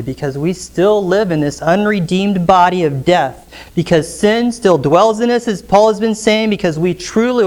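Pastor, church sermon, verse-by-verse teaching, rhetorical questions to the congregation. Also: medium pitch. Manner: expository preaching with frequent rhetorical questions to the congregation.

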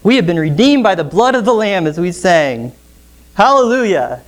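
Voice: mid-range voice, very animated, normal speed. A pastor preaching an expository sermon in church, often asking the congregation rhetorical questions.

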